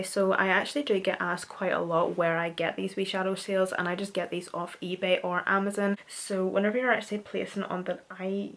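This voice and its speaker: A woman's voice: fairly low pitch, a bit bright. A young woman with a Northern Irish accent chats her way through a makeup tutorial. She talks in a casual, self-deprecating manner, like she's catching up with a friend. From Northern Ireland. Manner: chatty, self-deprecating, says "wee" a lot. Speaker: beauty vlogger.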